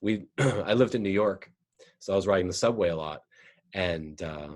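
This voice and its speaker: A male host chatting casually in a relaxed way, chuckling and acting out quotes in a raised voice. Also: deep voice, normal speed. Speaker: interview host. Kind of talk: casual chat.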